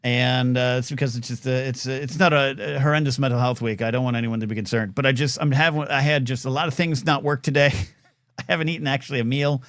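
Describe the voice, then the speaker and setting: A man hosts a live call-in show from his apartment, sounding low on energy and a little scattered. He rambles in a self-deprecating way and keeps breaking off to talk to his dog. His voice sits at an ordinary middle pitch, close on a desk mic with a dry sound. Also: steady tone, quick pace, a bit bright, no echo. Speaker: host. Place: apartment at home. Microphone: desk microphone.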